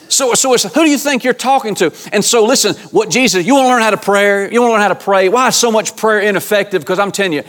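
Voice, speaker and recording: A man's voice: sits high, fairly bright tone. A man preaching a sermon as pastor, speaking earnestly and colloquially straight to the congregation, often repeating and restarting words.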